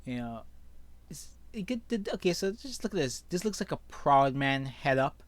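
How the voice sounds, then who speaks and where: This online commentator's high-leaning voice swings widely in pitch as he reads news aloud at a moderate pace and reacts to it. He is opinionated and habitually tacks "okay?" onto sentences; the recording has no echo.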